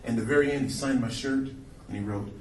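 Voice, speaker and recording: A man performing stand-up comedy, animated and breaking into impressions of other voices. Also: medium pitch, fast. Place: comedy club stage. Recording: roomy live club sound from a distance with loud crowd. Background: audience laughing.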